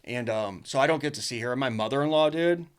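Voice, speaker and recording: A man's voice: medium pitch, quick pace, clear, resonant tone. A man telling his life story as a podcast guest, blunt and profane, rambling with restarts and lots of "dude" and "like". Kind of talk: casual storytelling.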